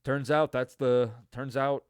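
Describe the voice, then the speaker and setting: A man's voice: medium pitch, steady tone, takes it slowly, clear, resonant tone, no echo. A man hosting a casual sports podcast, ranting in a profane, tired way with lots of fillers and restarts, close to the mic. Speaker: podcast host.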